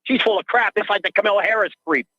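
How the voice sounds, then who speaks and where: An older man phones a radio program and keeps repeating himself in an agitated rant. He talks quickly in a high-pitched voice, and the lo-fi call audio is dull, with no room sound.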